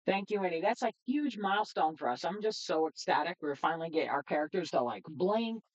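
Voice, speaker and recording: A woman's voice: lowish voice, lively intonation, brisk, rough recording. A woman streaming casually, chatting in a rambling way with lots of fillers while she tests her setup. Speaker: streamer and developer. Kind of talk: casual livestream chat.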